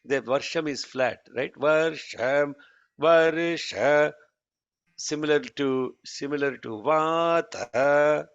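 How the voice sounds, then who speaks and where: Slow-paced male chanting teacher, dull audio. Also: mid-range voice, clear, resonant tone, no echo. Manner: patient, corrects pronunciation, demonstrates chants slowly. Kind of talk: online chanting class.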